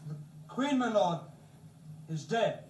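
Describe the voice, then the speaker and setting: An actor playing a loyal servant bringing grim news in brief, plain words, heard in an echoey, distant film soundtrack. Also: male voice, high voice, big pitch swings, slow, a little mellow, slight background noise, heavily acted.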